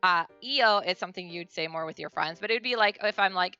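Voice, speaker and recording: Bright-voiced woman teaching on stream. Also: on the low side, quick pace, clear, resonant tone, dry recording, lo-fi sound, soft background music. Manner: chatty, with frequent fillers and self-corrections. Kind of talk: casual livestream lesson.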